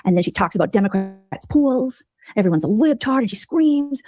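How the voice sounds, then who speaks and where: A woman giving sarcastic, mocking gossip commentary as a streamer, telling the story in an animated way. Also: a little high, normal speed, dry recording, faint music behind.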